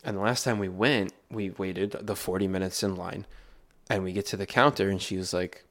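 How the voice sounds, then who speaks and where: A man's voice: low voice, fairly even intonation, normal speed, a bit bright. A man telling a story in a laid-back way, full of filler words, as co-host of a casual podcast. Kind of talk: casual chat. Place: New York City area.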